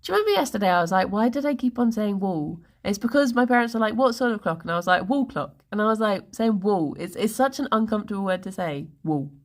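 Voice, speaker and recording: A woman's voice: medium pitch, lively intonation, fast talker, few pauses. A woman in her thirties with an English accent, chatting casually and playfully with stream viewers, giggling often. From England. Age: 30s. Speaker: livestreamer.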